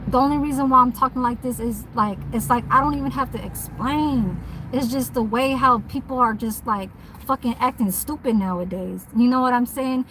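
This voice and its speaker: A woman's voice: fairly high pitch, moderate pace, a bit bright, slight background noise, low-quality recording. Blunt, profane woman ranting from her car. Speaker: vlogger and mobile nail tech. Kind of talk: casual ranting vlog. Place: parked car.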